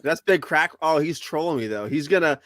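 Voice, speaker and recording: A man's voice: a little high, expressive, brisk, a bit bright, no echo, clean studio sound. A man chatting as a podcast guest, laid-back with chuckling reactions. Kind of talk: casual chat.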